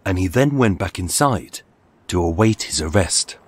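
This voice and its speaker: A man narrating a true-crime story in a measured, dramatic scripted style. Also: low-pitched, animated, breathy edge. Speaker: podcast narrator. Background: faint music.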